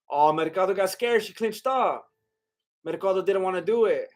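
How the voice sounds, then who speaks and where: Young male streamer, high voice, loose excitable fight commentary with chat asides. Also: normal speed. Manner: excitable, exclaims at big shots, chats with viewers. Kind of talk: casual live commentary and chat.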